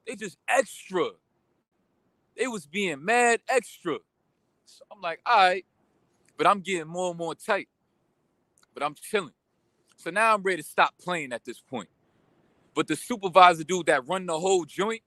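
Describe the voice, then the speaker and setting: Animated young man venting a story. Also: a little high, no echo. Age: young adult. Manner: animated, slangy, venting with quick asides. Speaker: vlogger. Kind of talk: casual storytime rant.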